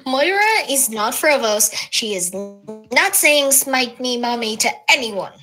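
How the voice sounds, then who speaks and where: A woman's voice: a little high, expressive, takes it slowly, pushed and bright, faint music behind, poor audio. A woman playing a tabletop game on a live stream, playfully defending her character. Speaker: player.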